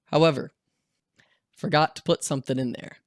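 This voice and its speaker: A young man telling a story in a casual, animated vlog style, swearing freely and acting out the voices of the people in it. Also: on the high side, normal speed, no room sound, studio quality. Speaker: vlogger.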